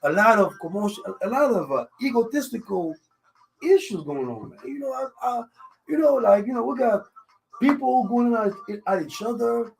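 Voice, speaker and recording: Speaking at normal speed, this African man with a French accent has a very high, expressive, creaky voice. He hosts a live studio radio talk show, chatting casually in a confident, jokey, rambling way with constant fillers like "you know what I'm saying" in nearly every line, recorded through a studio microphone.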